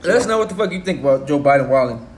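A man's voice: on the high side, lively intonation, racing. A young man co-hosting a casual podcast, cursing and laughing through slangy banter. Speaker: podcast co-host. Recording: echoey room with faint noise.

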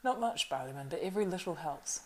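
A grim, weathered male ranger, as a woman reads him in a storybook. He speaks low, quiet and grave, with slow, measured words. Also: lively intonation, close to an everyday voice.

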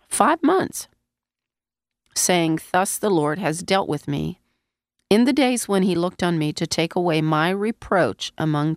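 Woman Bible teacher, low gravelly voice, unhurried sermon delivery, lozenge in her mouth. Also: no echo, clean studio sound. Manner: conversational, asks the listeners questions.

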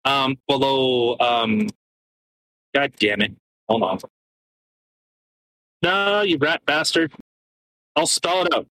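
Podcast co-host, male, bright edgy tone, sarcastic ranter, heavy swearing. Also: medium pitch, animated, dry recording, poor audio. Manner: sarcastic, swears often, reads charges aloud haltingly. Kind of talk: casual podcast rant.

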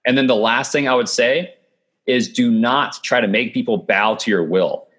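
A man's voice: medium pitch, normal speed, a bit bright. A man being interviewed over a video call, giving sales advice in a confident, coaching tone. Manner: confident, coaching tone with frequent "okay" and "right". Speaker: guest. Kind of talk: remote podcast interview.

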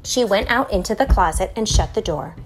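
A woman reading a children's book aloud in a lively, expressive way. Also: mid-range voice, a little fast, faint music behind. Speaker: storyteller.

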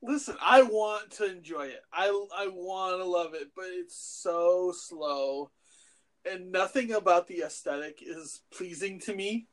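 A man's voice: high voice, unhurried. A man co-hosting a casual podcast chat about films and TV, rambling and profane with lots of fillers. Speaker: podcast co-host.

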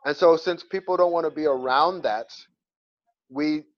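A man giving an energetic, emphatic motivational talk as an interview guest, full of stories. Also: on the high side, moderate pace. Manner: energetic and emphatic, talks in repeated phrases. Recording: slightly lo-fi sound.

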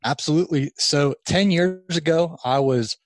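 A man in his thirties, a podcast guest, telling a long story in casual chat, animated and rambling with restarts. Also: fairly high pitch, moderate pace, slight background noise. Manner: animated, acts out quoted voices, rambling restarts. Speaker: podcast guest, lawn care business owner.

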